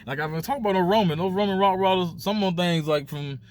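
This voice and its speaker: A man's voice: sits high, fast talker, a little mellow, a little hiss or hum. A man with a Southern US accent, a dog breeder talking casually to camera, repeating himself and hammering points home with "you know" and "period". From United States. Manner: loose, repetitive, emphatic with "period" and "you know".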